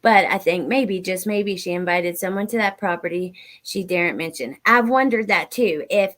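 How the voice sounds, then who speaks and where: A woman's voice: lowish voice, normal speed, fairly bright tone. A woman hosting a livestream, reacting to an interview clip and reading out viewers' chat comments as she muses aloud. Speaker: livestream host.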